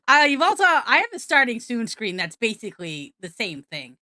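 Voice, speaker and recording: Lively, bright-voiced woman rambling. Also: a little high, normal speed, few pauses, no room sound, studio quality. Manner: silly, rambling, self-mocking. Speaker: streamer. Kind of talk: rambling be-right-back rant.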